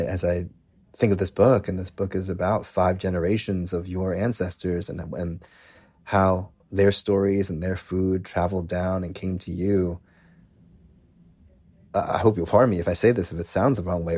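A man's voice: sits low, dark tone, breathy edge. A man hosting a radio food show, asking thoughtful, carefully phrased questions and closing the episode. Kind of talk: radio interview and sign-off.

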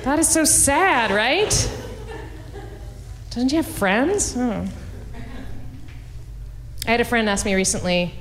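A woman comic works through her set with wry, offhand asides. Her voice is fairly high, and faint noise from the live recording sits behind it. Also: animated, long reverb tail. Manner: wry, conversational with quick asides. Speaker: stand-up comedian. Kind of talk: stand-up comedy set.

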